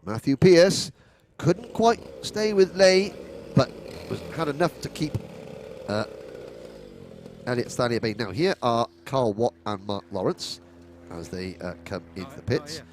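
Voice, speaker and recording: Excitable male karting commentator. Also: medium pitch, unhurried, long pauses, a little hiss or hum. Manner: rattles off positions and names, rising to excited calls at the finish. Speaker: race commentator. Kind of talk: live motorsport commentary.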